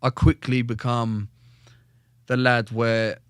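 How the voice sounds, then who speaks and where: A man's voice: slow pace, clear, resonant tone, dry recording, clean studio sound. Blunt man telling army stories. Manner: blunt, animated, acts out quotes with shifting pitch. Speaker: guest, former soldier and fighter. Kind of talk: casual storytelling with heavy swearing.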